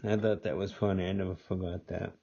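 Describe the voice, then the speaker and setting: An older man demonstrating gunsmithing in a workshop, talking slowly and rambling, repeating himself as he works. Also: sits low, flat delivery, vocal fry, dark tone, husky. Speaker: gunsmithing instructor. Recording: dull lo-fi audio.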